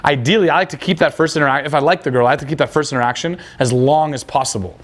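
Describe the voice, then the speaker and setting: A man's voice: a little high, rapid-fire. A young man coaching on dating, blunt and crude, acting out quoted dialogue. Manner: blunt, casual, crude slang. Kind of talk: coaching talk.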